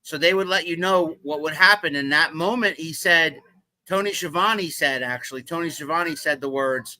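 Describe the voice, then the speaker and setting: A man with a bright, fairly high voice hosts a live interview chat. He talks eagerly and keeps the show moving. His audio is dry and close. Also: normal speed, no room sound, low-quality recording. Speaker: host.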